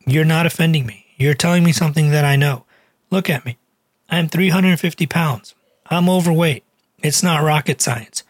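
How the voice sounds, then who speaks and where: Guy raising his voice to play a tearful lady patient, insistent, husky, dry sound. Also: a little high, no echo. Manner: emphatic, insistent. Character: tearful heavyset woman patient pleading.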